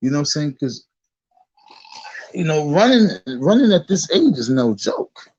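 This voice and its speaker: A middle-aged vlogger gives rambling, profane reaction commentary in excitable street talk, restarting his sentences over and over. His voice is on the high side with a breathy edge, and he's unhurried; the audio sounds dull.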